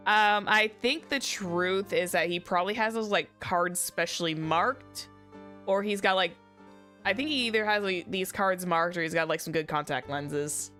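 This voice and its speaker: A woman's voice: lowish voice, moderate pace, pushed and bright, soft background music. A woman streamer chatting casually as she plays, rambling, joking and swearing now and then. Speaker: VTuber streamer. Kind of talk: casual game commentary.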